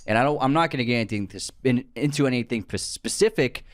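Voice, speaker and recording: Guy cohosting a podcast, mid-pitched voice, talks earnestly and restarts a lot, dry close mic. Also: fast talker, no room sound. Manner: earnest, thinks aloud with restarts. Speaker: podcast co-host. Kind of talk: casual chat.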